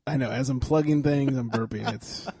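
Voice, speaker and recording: A man's voice: medium pitch, moderate pace, gravelly, mellow, slightly rough, dry recording. A man hosting a sports comedy podcast, chatting loosely and joking through plugs with lots of filler words. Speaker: podcast host. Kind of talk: casual sports comedy chat.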